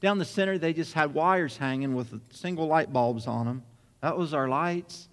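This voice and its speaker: Animated high-voiced preacher in a hall. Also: male voice, normal speed. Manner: animated storyteller acting out dialogue. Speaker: pastor. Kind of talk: sermon storytelling.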